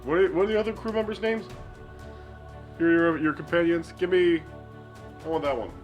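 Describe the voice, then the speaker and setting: A man's voice: on the high side, moderate pace, faint music behind. A man playing a tabletop game, joking around in a playful, profane way. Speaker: player. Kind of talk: casual tabletop play.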